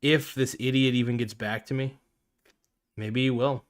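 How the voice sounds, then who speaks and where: A man's voice: mid-range voice, fairly even intonation, moderate pace. A man hosting a podcast, ranting casually in a blunt, profane way and often cutting himself off mid-sentence. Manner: blunt, profane, self-interrupting. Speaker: podcast host.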